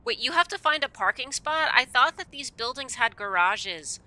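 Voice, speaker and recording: A woman's voice: high voice, lively intonation, normal speed, bright, forceful tone. A woman streamer reading a visual novel aloud, breaking off into rambling asides full of stammered repeats.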